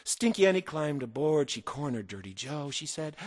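A man's voice: fairly high pitch, sing-song, normal speed, few pauses, a little mellow, in a large hall. A man reading a rhyming children's story aloud in a theatrical, sing-song manner.

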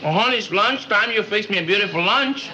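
An actor with a Cuban accent playing a busy, harried bandleader husband who talks briskly and with exasperation, from an old sitcom clip. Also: male voice, sits high, expressive, sharp tone, slight background noise, heavily acted.

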